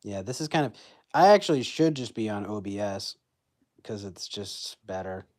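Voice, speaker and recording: A man's voice: lowish voice, animated, moderate pace, a little mellow. A young man streaming from his phone, rambling through casual chat with lots of fillers and laughing at his own jokes.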